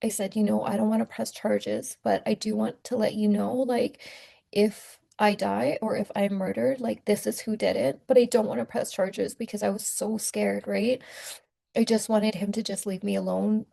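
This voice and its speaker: A woman's voice: medium pitch, steady tone, moderate pace, gravelly, warm tone. A young woman speaking candidly and casually to her viewers as she shares a personal testimony, with lots of fillers. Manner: candid, conversational, many fillers. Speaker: vlogger sharing her testimony.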